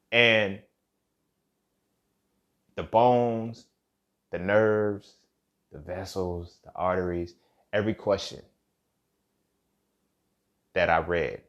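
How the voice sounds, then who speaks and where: A young man, host of his own show, telling a painful personal story in casual, profane speech that swings from loud to hushed. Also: low-pitched, fairly even intonation, very slow, pauses often, dull audio. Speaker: podcast host.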